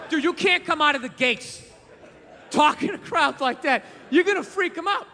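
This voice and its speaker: A man's voice: very high-pitched, expressive, normal speed, big-room sound. A male stand-up comedian doing a profane, exasperated rant on stage with a handheld mic. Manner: profane, exasperated, shouting bursts. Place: large comedy venue stage.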